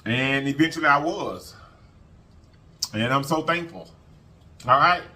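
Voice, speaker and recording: A man's voice: medium pitch, animated, a little slow, sharp tone. A man vlogging an emotional personal story to his viewers, talking casually, repeating phrases and often thanking God. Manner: colloquial, addresses viewers as y'all. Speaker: mukbang vlogger.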